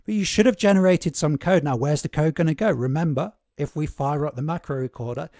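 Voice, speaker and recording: A man's voice: fairly high pitch, darkish tone, dry recording, clean studio sound. A man teaching a live spreadsheet course over a screen share, talking casually with many fillers and repeated words.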